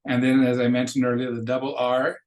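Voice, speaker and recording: A man teaching a recorded beginner language lesson, explaining casually and slowly modeling each phrase twice for students to repeat. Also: mid-range voice, monotone, a little mellow. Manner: casual explaining with restarts between drills. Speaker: Spanish teacher.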